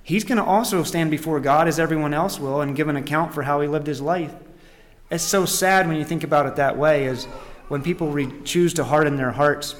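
A man's voice: fairly high pitch, a little fast. A man preaching a sermon in an earnest, reflective way, often restarting his sentences. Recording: echoey hall.

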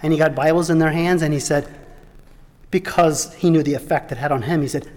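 A middle-aged man preaching a sermon, telling stories with emphatic peaks and soft asides. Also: a little high, fairly even intonation, a little fast. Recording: long hall reverb.

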